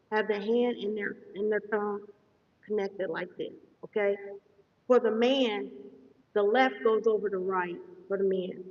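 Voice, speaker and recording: A woman giving a live-streamed meditation lesson as a spiritual teacher, talking fast and checking in with her listeners often. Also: medium pitch, darkish tone. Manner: fast-talking, says so herself; instructive, checks in often with "okay?". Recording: distant, echoey, dull sound.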